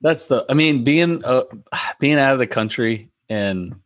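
A young man with a Southern accent telling a rambling, animated story as a guest on a casual podcast, full of restarts and fillers. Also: medium pitch, unhurried, no echo, studio quality. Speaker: professional golfer guest.

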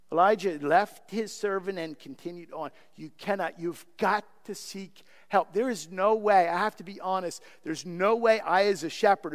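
Earnest high-voiced male pastor preaching. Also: fairly bright tone, in a large hall. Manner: earnest, pleading, repeats words. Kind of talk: sermon.

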